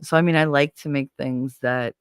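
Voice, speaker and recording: A man's voice: medium pitch, moderate pace, clear, resonant tone, no room sound, clean studio sound. A man hosting a casual live stream, talking bluntly and animatedly with plenty of swearing. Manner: blunt, profane, animated storyteller. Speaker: livestream host. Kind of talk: casual chat to a live audience.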